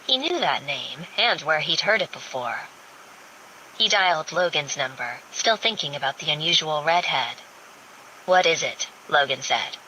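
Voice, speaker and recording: A woman narrating a romance audiobook in a steady, even reading. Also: sits low, moderate pace, a little hiss or hum, low-quality recording.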